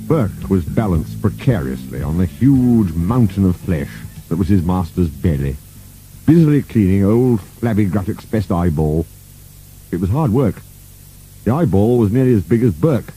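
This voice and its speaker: Warm husky low man reading a storybook, lively swooping delivery. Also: moderate pace, soft background music, poor audio. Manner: expressive, playful reading. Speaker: narrator. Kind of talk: storybook narration.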